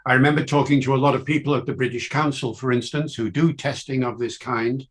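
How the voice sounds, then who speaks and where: An older man from Wales, a linguist giving an academic lecture in measured, emphatic phrases with rhetorical questions. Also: mid-range voice, fairly even intonation.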